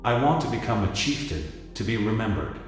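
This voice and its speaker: A man's voice: lowish voice, big pitch swings, a little fast. A man voicing a proud, defiant freed Black man, in a dramatic reading in an echoey hall. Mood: earnest. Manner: bitter, distrustful. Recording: echoey hall with music behind.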